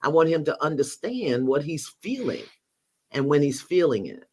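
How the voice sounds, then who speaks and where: A woman's voice: low-pitched, sing-song, moderate pace, darkish tone, slightly rough. An older woman, a guest teacher in a spiritual conversation, telling stories expressively, acting out bits of dialogue and laughing often.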